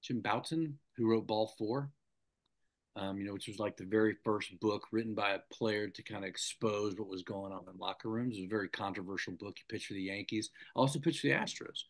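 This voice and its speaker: A man's voice: on the low side, brisk. A middle-aged man, a former sports anchor, telling stories as a guest in a casual interview and acting out the people he quotes. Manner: animated anecdote-telling, acts out the people he quotes. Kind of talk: casual storytelling in a podcast interview.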